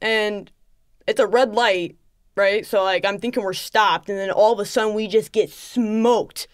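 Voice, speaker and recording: A woman's voice: mid-range voice, no echo, studio quality. A young woman on a podcast telling a story in casual chat, quoting people back and forth. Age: young adult. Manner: animated, quick retelling with many quoted asides. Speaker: podcast guest. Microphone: studio microphone.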